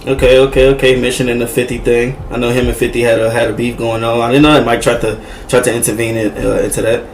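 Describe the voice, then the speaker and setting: A man's voice: medium pitch, little pitch movement, quick pace. Man, reaction host, casual, swears, hesitant, faint background noise. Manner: loose, profane, hesitant with fillers.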